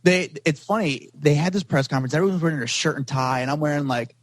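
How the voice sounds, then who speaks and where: A man telling long, rambling stories as a podcast guest, with "like" in nearly every sentence. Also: fairly high pitch. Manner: rapid, rambling, heavy use of "like". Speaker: paparazzo guest. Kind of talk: storytelling in a podcast interview.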